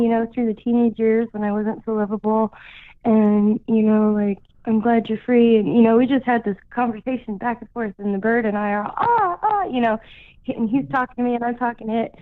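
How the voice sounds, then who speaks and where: Over a tinny phone line, a radio show caller shares a story casually, scattering "like" and "you know" throughout. She has a fairly high voice, speaks a little fast with flat delivery, and the recording is dry.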